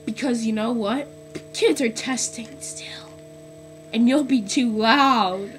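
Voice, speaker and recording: A woman's voice: on the high side, takes it slowly, poor audio. A girl voicing a stern, irritated female schoolteacher who scolds and gives bossy orders, with music behind. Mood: scolding.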